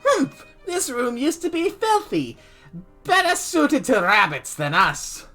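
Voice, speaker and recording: A man's voice: very high-pitched, wildly swooping pitch, slow, pushed and bright, soft background music, voice pushed up, exaggerated voice. A man voicing a pompous, haughty noble pigeon schoolboy with a put-on French accent in a dating game. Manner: haughty, scornful, theatrical.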